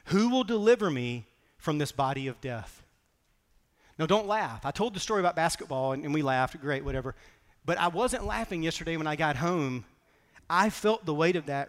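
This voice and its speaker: A man preaching a sermon as pastor, telling personal stories in a conversational, animated way. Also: on the high side, brisk, long reverb tail. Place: church sanctuary.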